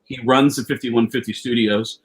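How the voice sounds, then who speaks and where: A comedian telling a long anecdote, animated, swearing freely and jumping into quoted voices, heard over a video call. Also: male voice, mid-range voice, moderate pace. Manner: animated storyteller, acts out quotes with raised voice; profane, rambling with many restarts. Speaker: comedian guest. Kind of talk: storytelling anecdote.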